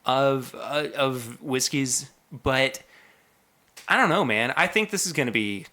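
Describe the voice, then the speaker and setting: Bright man reeling off whiskey details. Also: medium pitch, slow. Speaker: podcast co-host. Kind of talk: casual chat.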